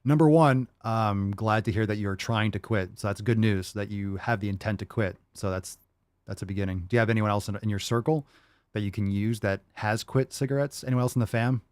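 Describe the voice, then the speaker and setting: A man's voice: fairly low pitch, brisk, clean tone, dry recording. A man hosting a casual livestream, answering viewer questions and telling rambling, profane stories.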